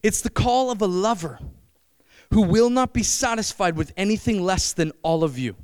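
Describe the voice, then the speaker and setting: A young man preaching a sermon, animated and addressing the congregation with frequent questions. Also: high voice, normal speed, clean tone, dry recording.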